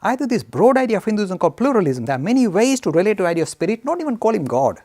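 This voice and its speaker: A man giving an emphatic, animated lecture that answers audience questions and is full of anecdotes. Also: high-pitched, racing. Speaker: speaker on Hinduism.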